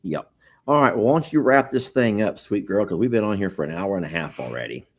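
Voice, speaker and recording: A man's voice: on the low side, lively intonation, quick pace. A man co-hosting a casual chat, joking and acting out quoted texts in a raised voice. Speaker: co-host.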